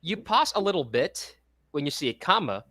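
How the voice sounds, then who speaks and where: A woman's voice: sits low, sing-song, normal speed, fairly bright tone, no echo, clean studio sound. A woman with a Filipino English accent co-hosting a playful online reading lesson as a tutor, cheerful and giggly as she reads quiz items.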